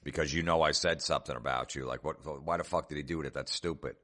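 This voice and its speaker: Male comedian host, extremely deep voice, sarcastic and foul-mouthed. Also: fairly even intonation, quick pace, sharp tone. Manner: sarcastic, profane mockery. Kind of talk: comedic podcast rant.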